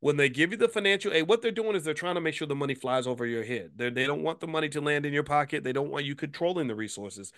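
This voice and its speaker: A man's voice: fairly high pitch, quick pace, hardly any pauses, a bit bright. A man hosting a commentary video who fires off angry rhetorical questions and curses freely. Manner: promotional plugging. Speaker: host, finance commentator.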